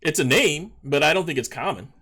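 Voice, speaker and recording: A man's voice: a little high, lively intonation, a little fast, sharp tone, breathy edge. A man co-hosting a podcast, wry and hesitant, often repeating himself as he pushes back in casual discussion. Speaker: podcast co-host.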